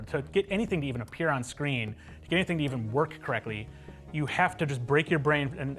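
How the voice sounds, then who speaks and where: A man, a game developer, speaking earnestly and reflectively in a documentary interview. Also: medium pitch.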